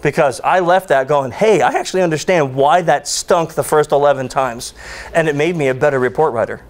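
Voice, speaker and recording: A man's voice: fairly high pitch, brisk. A man giving a conference talk, joking and ranting as he tells stories to the audience. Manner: joking, ranting, animated storytelling. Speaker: conference speaker. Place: conference hall.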